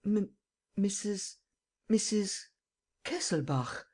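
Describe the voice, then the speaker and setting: A narrator voicing a poor, excitable old German man with a German accent who stammers and splutters in bursts. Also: sits high, slow pace, slightly rough, pitched above the performer's own voice, exaggerated voice. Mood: surprised, eager. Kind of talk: audiobook character voice.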